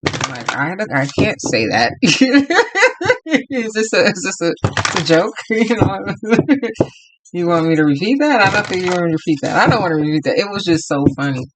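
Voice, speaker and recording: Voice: medium pitch, animated, normal speed, noisy background. A tarot reader from Los Angeles giving a casual, rambling reading to viewers and laughing often.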